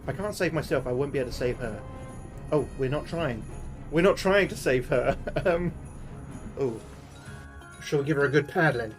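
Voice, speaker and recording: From his kitchen at home, a British livestream host chats casually about cooking with his viewers, cursing freely along the way. He has a medium-pitched, animated voice at normal speed, pauses often, and faint music plays behind him.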